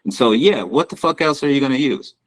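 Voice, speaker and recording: Young man, podcast co-host, casual slangy chat, lively pitch. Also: a little fast, poor audio. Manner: slangy, animated, says bro a lot.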